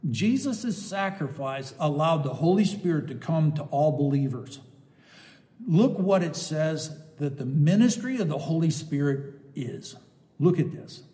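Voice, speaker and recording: Older male preacher, a bit high-voiced, ringing in a reverberant hall, emphatic with sudden quiet asides. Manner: emphatic, swings between loud rising exclamations and soft asides. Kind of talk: sermon.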